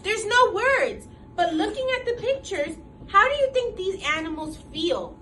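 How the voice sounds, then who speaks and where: A woman teacher leads an interactive read-aloud with children, using a high, lively voice and lots of encouragement. She sounds bright and energetic. The recording is a little distant, with faint room ambience behind her. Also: moderate pace, a little hiss or hum. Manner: animated, encouraging.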